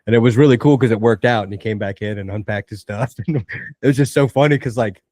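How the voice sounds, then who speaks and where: A man co-hosting a podcast, telling a story in a relaxed, casual way. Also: medium pitch, fast talker, no echo. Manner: laid-back, quotes people in animated voices. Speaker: podcast co-host.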